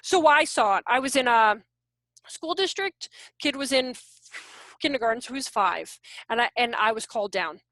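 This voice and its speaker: A high-pitched woman in her thirties leads an online workshop over a video call. She is animated and keeps throwing rhetorical questions at her listeners. The sound is dry and close. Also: moderate pace, no room sound. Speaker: workshop presenter on child behavior.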